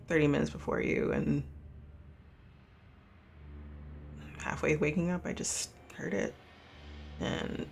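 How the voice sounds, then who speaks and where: A man voicing an uneasy young roommate in a tabletop game, talking in hushed, hesitant bits that trail off. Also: on the high side, creaky, a little hiss or hum.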